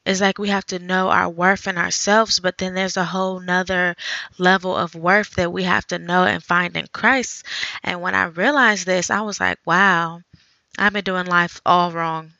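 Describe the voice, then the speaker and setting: A woman hosting a faith podcast, talking earnestly in a conversational way, thinking out loud. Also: on the low side, steady tone, normal speed, creaky, dry recording, highs cut off. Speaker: podcast host.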